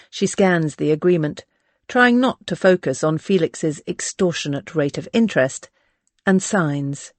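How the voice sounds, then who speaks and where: Audiobook reader, mid pitch, steady delivery, dry close mic. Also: dry recording. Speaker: audiobook narrator. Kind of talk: audiobook narration.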